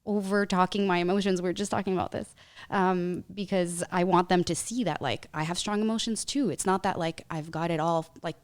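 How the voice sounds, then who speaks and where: A woman's voice: lowish voice, steady tone, fairly quick. A woman guest on a podcast, talking in a chatty, casual way with many "like" fillers. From Canada. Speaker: guest, wedding photographer.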